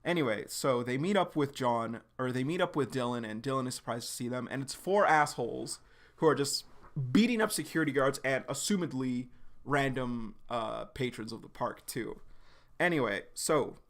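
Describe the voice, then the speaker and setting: A young man with a gravelly, creaky voice at an ordinary middle pitch runs a live reaction stream. He recaps in a loose, slangy way, leaning on "like" and the odd curse. His delivery is casual and chatty. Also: animated, normal speed, fairly bright tone. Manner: loose, slangy, full of "like" and swearing.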